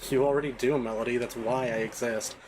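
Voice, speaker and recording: A sarcastic mirror-image young woman who picks apart her other self, as a man voices her on stream. The taunting is dry and mocking at a mid pitch. Game music plays clearly underneath. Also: steady tone, fairly quick, a little mellow, close to an everyday voice, low-quality recording. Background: game soundtrack music.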